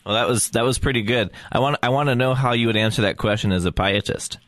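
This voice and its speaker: A man hosting a podcast, asking thoughtful, halting questions about theology. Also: medium pitch, fairly bright tone, no echo. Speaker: podcast host.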